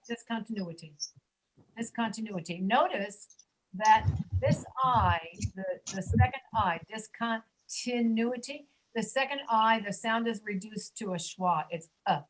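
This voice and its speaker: A woman teaching a pronunciation class over a video call, patiently repeating words slowly for students. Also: medium pitch, low-quality recording. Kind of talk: online class instruction.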